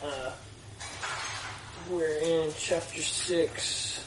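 A man's voice: fairly high pitch, steady tone, extremely slow, noisy background. A man leading a small Bible study group, reading passages aloud and stopping to chat and explain. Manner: reads aloud steadily, stops to comment. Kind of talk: reading and casual group discussion. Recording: roomy room, distant mic.

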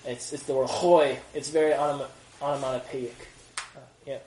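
A man teaching a Bible study class, animated and reading scripture slowly and gravely. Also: mid-range voice. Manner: animated, reads scripture slowly and wails the word oi. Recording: roomy classroom from a distance, faint noise.

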